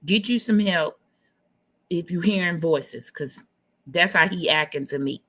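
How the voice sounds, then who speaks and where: A woman co-hosting a casual live-stream chat, animated and incredulous, repeating phrases for emphasis. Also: lowish voice, measured pace.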